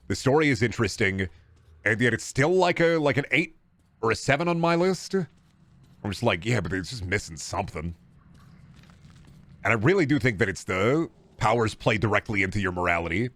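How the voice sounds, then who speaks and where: Man, game streamer, casual profane commentary, jokey and rambling, very lively pitch.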